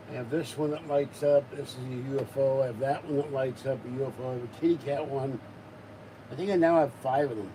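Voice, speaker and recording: Man vlogger, easygoing rambler, warm low tone, faint background hum. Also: low-quality recording. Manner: rambling, wry asides. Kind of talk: casual chat.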